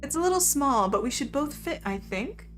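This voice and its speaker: Gal doing a tough southern sparrow biker lady, kinda high and gruff, lectures you. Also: very animated, moderate pace, fairly bright tone, faint music behind. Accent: Southern US put-on. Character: tough older female sparrow scooter rider, stern.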